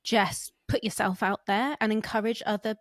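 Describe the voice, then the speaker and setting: A woman's voice: mid-range voice, fairly even intonation, moderate pace, dry recording, studio quality. A woman co-hosting a podcast, chatting in an encouraging, enthusiastic way. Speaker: podcast co-host. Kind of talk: casual podcast chat.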